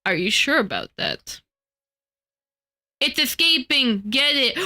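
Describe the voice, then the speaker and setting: A woman livestreamer talks to her chat in a high, bright voice that never rushes. She swings between playful teasing and exaggerated indignation, while faint music plays behind her. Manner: animated, mock-indignant banter with chat. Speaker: streamer chatting with live chat while modeling.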